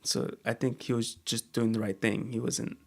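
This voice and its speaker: A man co-hosting a casual chat show, talking in a halting way with many fillers and restarts. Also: medium pitch, flat delivery, vocal fry. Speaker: co-host.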